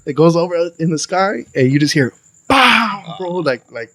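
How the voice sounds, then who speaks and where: A young man, a podcast guest telling a wild story in a lively, profane, slangy way. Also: fairly high pitch, fairly quick, no echo. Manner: animated, profane, slangy storytelling with acted quotes. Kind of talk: casual storytelling.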